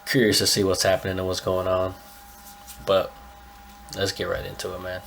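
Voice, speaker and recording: Low-voiced laid-back young man, stuffy. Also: monotone, moderate pace, gravelly, fairly bright tone, slight background noise. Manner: laid-back slangy chatter, talks to viewers as bro. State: a little stuffy-nosed. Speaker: anime reaction channel host. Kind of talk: casual reaction commentary.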